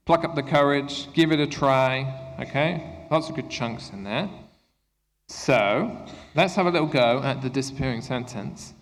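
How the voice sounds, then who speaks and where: A man presenting an interactive workshop for English teachers, upbeat and encouraging as he gives quick instructions. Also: mid-range voice, a bit bright. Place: conference room at a university. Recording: echoey hall with long reverb.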